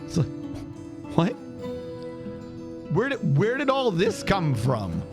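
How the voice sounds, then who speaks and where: A man's voice: high voice, huge pitch swings, slow, long pauses, music in the background. A man streaming a game, chatting casually in a rambling, incredulous way, with lots of restarts and asides.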